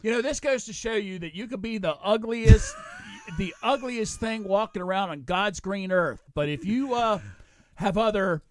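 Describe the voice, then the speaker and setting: A man co-hosting a live talk stream, chatting casually, excitable, laughing often and trailing off mid-thought. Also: sits high, moderate pace, no echo. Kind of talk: casual chat.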